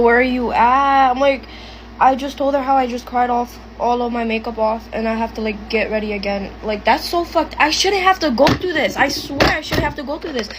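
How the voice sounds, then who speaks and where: A teenage girl vents while doing her makeup in a get-ready-with-me vlog, sometimes keeping her voice down. Her voice sits fairly high. Noticeable noise runs behind her. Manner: venting, talks quietly at times.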